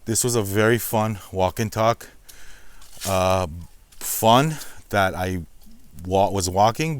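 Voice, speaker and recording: A man's voice: on the low side, slow pace, long pauses, smooth. A man hosting a casual walk-and-talk vlog outdoors, a little out of breath as he climbs a steep hill and talks reflectively to his viewers. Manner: chatty, addresses viewers as guys, reflective. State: out of breath walking uphill. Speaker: slots channel host.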